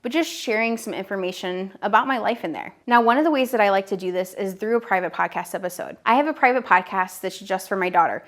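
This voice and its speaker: This is a woman in her thirties giving a direct-to-camera business lesson. She is upbeat and direct and addresses the viewer personally. Her voice sits at a middling pitch. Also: fast, hardly any pauses. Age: 30s. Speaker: online business educator. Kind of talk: direct-to-camera teaching video.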